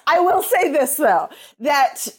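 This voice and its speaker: Brief: American woman, voice-coach guest, eager and explanatory. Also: sits high. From United States. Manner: enthusiastic, explains with emphatic rising lists. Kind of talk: casual remote podcast chat.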